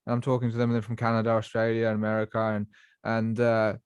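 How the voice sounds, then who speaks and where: A man's voice: lowish voice, monotone, fast talker, clean tone, no room sound. Podcast host, man, musing questions, dry close sound. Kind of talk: casual podcast chat.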